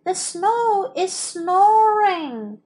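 A polite little hedgehog girl from a children's storybook, gentle and apologetic, as a woman puts her on. The voice sits high and swoops lively up and down, taking its time. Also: very slow, full character voice. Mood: wondering.

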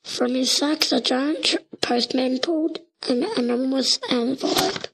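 A woman reading a children's storybook aloud, slow and deliberate, with occasional slips. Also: high-pitched, creaky, a bit bright, slightly rough, rough recording.

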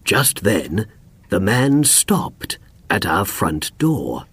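A man narrating a graded-reader story slowly and expressively. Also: lowish voice, no room sound. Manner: slow, clear, expressive. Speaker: audiobook narrator. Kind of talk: scripted narration for learners.

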